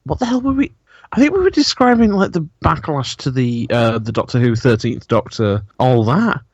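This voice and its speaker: A man talks as a podcast guest at a middling pitch, rambling through stories and breaking into giggles. His voice is recorded dry and close, with no room sound. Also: sing-song, normal speed, breathy edge, no echo, dull audio. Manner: giggly, rambling, laughs often. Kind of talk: casual chat.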